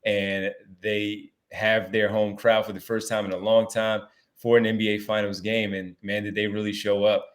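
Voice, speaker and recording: A man co-hosting a sports podcast, talking in an animated, emphatic way. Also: lowish voice, moderate pace. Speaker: podcast co-host. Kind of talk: casual sports podcast talk.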